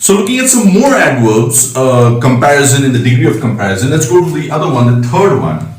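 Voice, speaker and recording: A man's voice: mid-range voice, big pitch swings, a little fast. Man teaching grammar in an echoey room. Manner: patient, spells out letters, frequent "right?" checks. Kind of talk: recorded grammar lesson. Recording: echoey room, mic at a distance.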